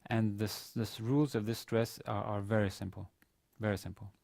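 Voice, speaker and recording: A man's voice: on the low side, flat delivery, normal speed, vocal fry, darkish tone, no echo, studio quality. A man teaching a university class on classical Arabic grammar, explaining step by step with frequent fillers and restarts. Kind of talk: recorded university lecture.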